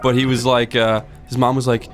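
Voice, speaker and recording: A man telling a story in casual gaming chat, deadpan, acting out the people in it. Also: mid-range voice, brisk, faint music behind. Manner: deadpan storyteller, acts out quoted voices. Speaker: let's play co-host.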